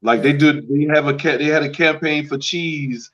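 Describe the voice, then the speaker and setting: A man co-hosting a podcast, talking casually with hesitant ums and rapid lists. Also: on the high side, a bit bright, highs cut off. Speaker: podcast co-host. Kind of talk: casual chat.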